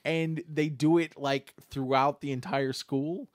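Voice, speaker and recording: A man's voice: a little high, fairly even intonation, measured pace, no echo, studio quality. A man co-hosting a casual talk show, chatting enthusiastically and rambling, laughing often. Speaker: podcast co-host. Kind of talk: casual chat.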